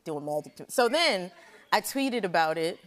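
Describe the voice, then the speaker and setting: A woman in her thirties, a talk show guest telling an animated story, laughing as she goes and acting out the people in it. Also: fairly low pitch, unhurried. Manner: lively, laughing storyteller doing voices. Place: TV studio with live audience.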